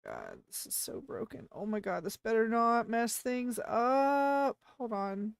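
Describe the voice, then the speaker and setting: A woman streaming live in a casual chat, flustered and panicky as she apologizes and breaks into excited greetings to viewers. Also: a little high, a little slow, creaky, clean tone, dry recording, clean studio sound. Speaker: VTuber streamer.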